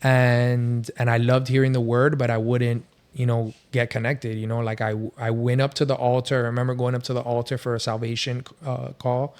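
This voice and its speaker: A man's voice: mid-range voice, flat delivery, normal speed, few pauses, a little mellow, clean tone. A man speaking as a podcast guest, telling his faith story in a loose, rambling way, full of fillers. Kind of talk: casual testimony storytelling.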